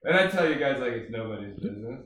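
A man's voice: mid-range voice, sing-song, fast, a bit bright. A man in casual chat with friends, laid-back and teasing. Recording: very echoey room, distant from the mic, faint noise.

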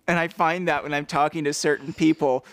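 A man co-hosting a podcast, chatting casually in a playful, jokey, excitable way. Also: fairly high pitch, a little fast, clear, resonant tone, no echo. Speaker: podcast co-host. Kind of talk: casual chat.

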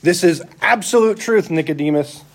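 A man's voice: high voice, moderate pace. A man voicing Jesus as an earnest teacher, stating truths in an emphatic paraphrase. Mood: solemn.

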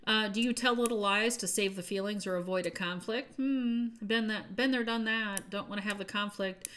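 A woman hosting a podcast, giving an earnest, upbeat spiritual talk that often trails off softly at the ends of phrases. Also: medium pitch, normal speed. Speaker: podcast host.

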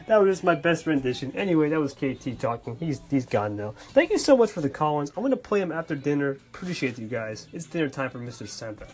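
A man's voice: on the high side, big pitch swings, fast talker, hardly any pauses, a little mellow, faint music behind. A man hosting a casual podcast, thanking callers with friendly, repeated sign-offs. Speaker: podcast host reading call-ins. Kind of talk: casual call-in shout-outs.

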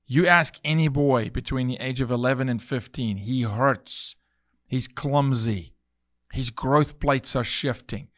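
Slow, emphatic preaching man. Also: medium pitch, a bit bright, no echo, studio quality. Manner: emphatic, repeats key phrases, storytelling. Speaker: podcast host. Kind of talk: preachy podcast monologue.

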